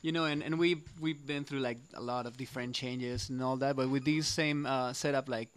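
A man from Spain with a Spanish accent, a guitarist and singer talking casually as a radio guest, relaxed and full of fillers. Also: mid-range voice, brisk, clear, resonant tone. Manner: relaxed, explains at length with many fillers.

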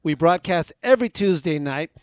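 A man co-hosting a casual podcast from a home garage studio, joking loosely and filling pauses with "uh". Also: fairly high pitch, expressive, a little mellow, dry recording. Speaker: podcast co-host.

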